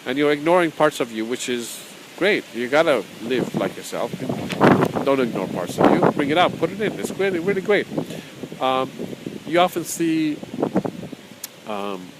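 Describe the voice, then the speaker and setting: The recording is very noisy as an animated spiritual teacher with a mid-range voice leads an informal spoken course at a moderate pace. He keeps it conversational, repeating phrases, chuckling frequently, and occasionally reading from his own book.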